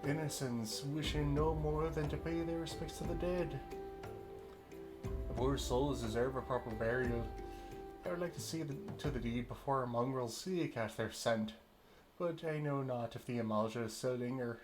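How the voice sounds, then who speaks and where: A man voicing a stern male camp leader from a game, reading formal old-fashioned lines in a vague made-up accent, with pauses and fillers, music playing behind. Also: medium pitch, close to an everyday voice. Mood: solemn.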